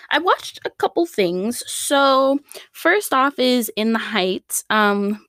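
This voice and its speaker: A woman's voice: fairly high pitch, a bit bright, no room sound, clean studio sound. A young woman hosting her own podcast, talking in a rambling, chatty way with lots of fillers and restarts. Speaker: podcast host. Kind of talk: casual solo podcast chat. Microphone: studio microphone.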